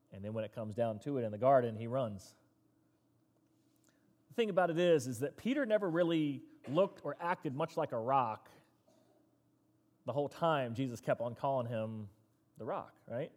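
A man preaching a sermon, telling Bible stories in a lively way and acting out the quoted lines. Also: medium pitch, moderate pace, long pauses. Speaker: pastor. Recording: long reverb of a large hall.

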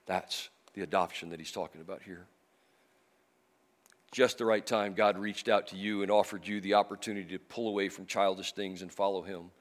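A middle-aged male pastor with a fairly low voice delivers an emotional sermon. He swings from loud, pressing emphasis to quiet, drawn-out lines, as a preacher speaking in a church. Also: fairly even intonation. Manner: emotional, varies from loud emphasis to soft and slow.

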